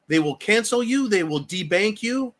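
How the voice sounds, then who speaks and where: Casting: slightly high-voiced male host, angry profane political rant, hammering repeated lines. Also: animated, moderate pace, fairly bright tone. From United States. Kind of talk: heated political commentary.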